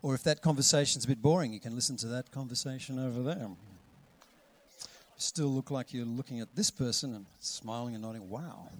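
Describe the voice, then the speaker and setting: A middle-aged man, preaching a lively sermon and acting out voices with sudden loud calls. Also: mid-range voice, brisk, slight background noise. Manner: animated, acts out voices with big loud calls. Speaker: pastor.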